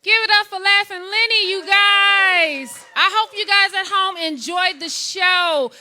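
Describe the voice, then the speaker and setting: A woman's voice: very high voice, measured pace, pushed and bright. A woman hosting a live comedy show, upbeat as she introduces and thanks the guests. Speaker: show host.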